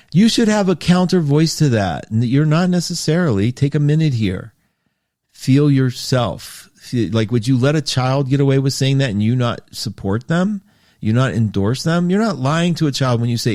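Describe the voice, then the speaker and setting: Man, astrology show host in mid-register, animated and loose, takes listener comments, dry close sound. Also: medium pitch, moderate pace, no echo. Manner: animated, laughing, swings between loud bursts and soft asides; reads viewer comments aloud and answers them. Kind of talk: casual livestream chat with listeners.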